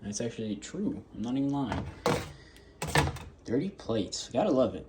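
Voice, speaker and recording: A man chats casually while filming himself at home, his thoughts wandering as he jokes and scolds his dogs. His voice sits in an ordinary middle range. The camera audio carries a clear layer of household noise. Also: medium pitch, big pitch swings, normal speed, long pauses. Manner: rambling, joking, talks to his dogs. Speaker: vlogger. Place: home kitchen.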